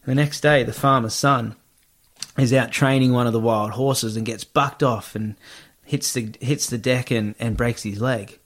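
A young man telling a story in a relaxed, swear-heavy podcast chat, full of fillers. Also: medium pitch, a little slow. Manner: laid-back, swears freely, lots of fillers.

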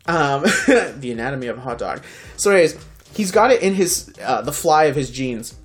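Animated podcast storyteller, swearing freely. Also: medium pitch, fairly quick, soft background music. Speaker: podcast co-host. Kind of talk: casual storytelling chat.

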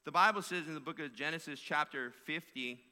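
A man's voice: fairly high pitch, brisk, bright, forceful tone, clean tone. Man preaching in an echoing hall. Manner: emphatic preaching with repeated phrases. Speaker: pastor. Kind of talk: sermon. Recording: long hall reverb.

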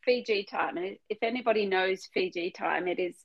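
Woman co-host, mid-pitched, lively, jumps in to continue the story. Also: moderate pace, no echo, muffled recording. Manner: lively, chiming in with laughs. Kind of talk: casual chat.

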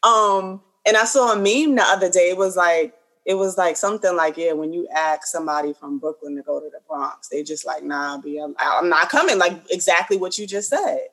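A woman with a New York accent, chatting casually in a lively back-and-forth. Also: lowish voice, fairly quick, hardly any pauses, low-quality recording. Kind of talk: casual chat.

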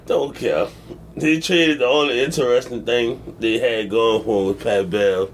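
A man's voice: medium pitch, measured pace, slight background noise. A man co-hosting a casual sports podcast, laughing often and dropping dry one-liners. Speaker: podcast co-host.

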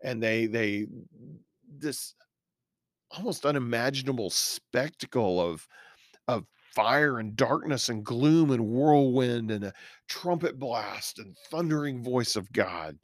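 Middle-aged male pastor, explanatory and earnest, average pitch, dead-dry room. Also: no echo. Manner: earnest, explanatory, pauses to search for words. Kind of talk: verse-by-verse Bible study.

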